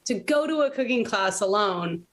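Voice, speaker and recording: A woman in her late thirties, medium-pitched and moderately paced, appears as a podcast guest in casual conversation. She tells stories candidly and animatedly, laughing often and swearing now and then.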